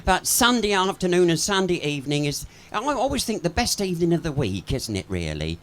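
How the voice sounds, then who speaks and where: A man's voice: on the high side, very animated, fairly quick, a bit bright. A man doing live stand-up patter on a pub stage, chatty and bawdy, swearing freely and laughing at his own jokes. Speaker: pub comedian and singer.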